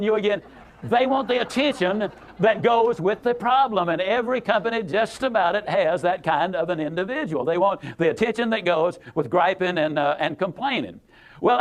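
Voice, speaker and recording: A man with a high-pitched voice gives a motivational speech in a folksy storytelling style. He leans hard on emphasis and repeats words and phrases for effect. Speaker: motivational speaker.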